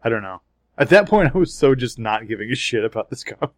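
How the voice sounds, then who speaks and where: Animated man in casual chat. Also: mid-range voice, quick pace, dry recording. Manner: animated, swearing, laughing between points. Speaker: podcast co-host.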